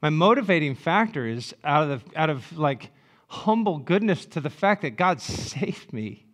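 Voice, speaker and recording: With a slightly high voice and a measured pace, a sixty-something pastor preaches through playful, animated stories. Loud asides give way to soft, thoughtful passages.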